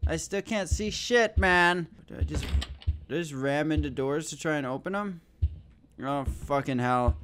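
Young male gaming YouTuber, high voice, jittery jokes and constant swearing while playing horror. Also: normal speed, slight background noise. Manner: excitable, swearing, nervous joking. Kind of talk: horror game let's play commentary.

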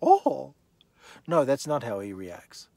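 Animated man teaching from the Bible. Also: medium pitch, slow pace, vocal fry, no echo. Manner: animated, rhetorical questions, talks straight to the listener.

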